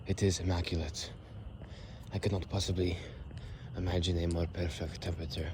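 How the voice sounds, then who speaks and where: Guy with a really low voice just rambling on a walk outside, wordy and amused with himself, bit of faint outdoor hiss behind him. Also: level tone. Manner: unhurried, wordy and self-amused, drifting into soft murmurs. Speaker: vlogger. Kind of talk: rambling walk-and-talk monologue.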